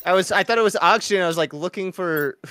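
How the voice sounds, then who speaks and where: A man rambling and thinking out loud while playing a co-op video game with friends, easily flustered. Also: sits high, fast, clear, resonant tone, soft background music. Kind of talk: casual gaming chat.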